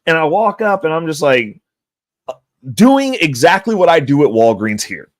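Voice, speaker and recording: A man's voice: a little high, moderate pace, dry recording, clean studio sound. A man telling crude, rambling stories on a livestream, laughing often. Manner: profane, laughing, animated storyteller. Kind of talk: casual storytelling chat.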